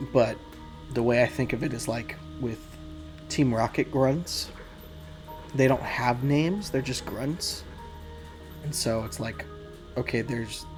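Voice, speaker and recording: A man giving casual, rambling, self-deprecating behind-the-scenes commentary on a game he developed. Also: mid-range voice.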